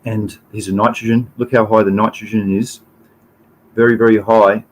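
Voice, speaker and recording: A man's voice: lowish voice, level tone, normal speed, poor audio. An Australian man in his fifties hosting a casual livestream, talking through slides in a rambling way, chatting to viewers and swearing casually. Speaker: livestream host.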